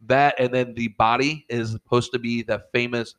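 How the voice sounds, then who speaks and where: A man's voice: mid-range voice, level tone, normal speed, a bit bright, smooth. Rambling, foul-mouthed male storyteller. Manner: rambling, swears a lot, acts out his own reactions. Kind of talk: casual comedic storytelling.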